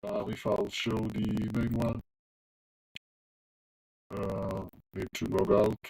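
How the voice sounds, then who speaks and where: A man's voice: on the low side, little pitch movement, slow, gravelly, a little mellow, rough recording. A man with a non-native English accent leaning American, streaming himself coding and chatting casually with viewers. He talks loosely, with plenty of ums and restarts. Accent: non-native English accent, closer to American. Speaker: coding livestreamer. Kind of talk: casual livestream chat while coding.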